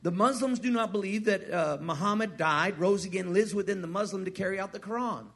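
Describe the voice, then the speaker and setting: A man preaching a sermon, asking the crowd questions, repeating his words and swinging from hushed to loud. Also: sits high, brisk. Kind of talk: sermon with a personal story.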